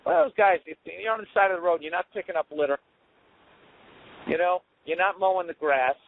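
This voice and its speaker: A man talks through a rambling solo monologue while driving, swearing freely and cracking sarcastic asides. His voice sits a little high. The sound is narrow and tinny, like it comes through a phone. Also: a little fast, vocal fry, dry recording. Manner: profane, sarcastic, ranting. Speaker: podcast host.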